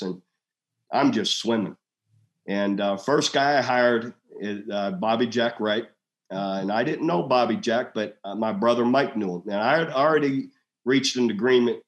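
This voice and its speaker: A man in his sixties, a former head coach, telling stories in a casual interview and acting out quoted dialogue. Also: on the low side. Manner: animated storyteller, acts out quoted dialogue in a raised voice.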